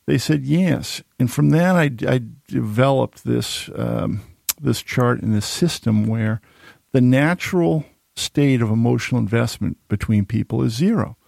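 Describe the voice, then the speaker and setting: Gravelly man telling lively anecdotes. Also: mid-range voice, a little slow, no echo. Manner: self-deprecating, animated anecdotes. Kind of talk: casual storytelling chat.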